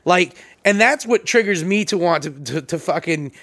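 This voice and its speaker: A man with a notably high voice co-hosting a podcast, full of crude teasing. He stumbles over repeated words as he talks. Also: expressive, moderate pace, fairly bright tone. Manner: crude teasing, stammering restarts. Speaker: podcast co-host. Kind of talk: casual podcast banter.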